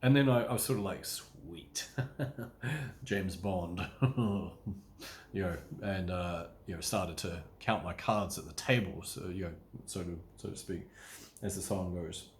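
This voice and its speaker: Rambling low-voiced man coaching casually. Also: a little hiss or hum. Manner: rambling, acts out inner thoughts in quick asides, swears casually. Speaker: business coach. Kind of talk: casual solo talk to camera.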